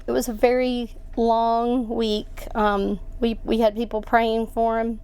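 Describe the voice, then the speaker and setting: A woman giving a personal account as an interview guest, halting and emotional, with many restarts. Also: on the high side, flat delivery, darkish tone, smooth.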